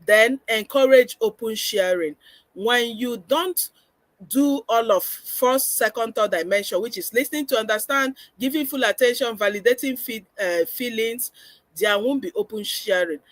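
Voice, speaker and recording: A woman's voice: fairly high pitch, normal speed, no echo. A woman giving a parenting webinar lecture, earnest and instructive, often acting out how parents should talk with children. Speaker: parenting coach.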